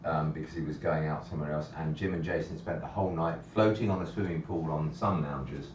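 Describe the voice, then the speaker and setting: A man hosting a relaxed chat, telling stories and teasing his friends. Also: rumbling low, quick pace, slight background noise. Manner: chatty, teasing storyteller. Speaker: host. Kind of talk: casual chat. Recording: roomy, distant, muffled recording.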